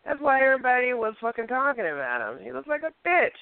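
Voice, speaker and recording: A woman's voice: high voice, big pitch swings, fast, no room sound. A woman co-host in casual panel talk, blunt and full of profanity. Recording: phone-like lo-fi audio.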